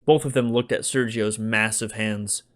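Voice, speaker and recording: A man, the author, narrating his own comic novel as an audiobook in a wry, deadpan delivery. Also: on the low side, normal speed.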